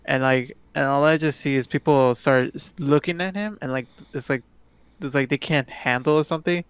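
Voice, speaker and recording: A man's voice: mid-range voice, normal speed, clean tone. A young man co-hosting a podcast, telling a rambling story full of fillers and restarts. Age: young adult. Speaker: podcast co-host. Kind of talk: casual chat.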